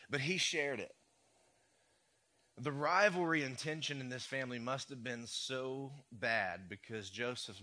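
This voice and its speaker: A young man with a drawl preaching in a bright, forceful voice. He tells the story casually and conversationally, and he drops in playful asides as he goes. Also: mid-range voice. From United States. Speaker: pastor. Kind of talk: sermon.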